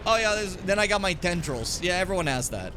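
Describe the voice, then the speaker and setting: A young man streaming a video game, reacting with loud, profane outbursts, shouted taunts and frequent laughter. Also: high voice, animated, fairly quick, very noisy. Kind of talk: live gameplay commentary.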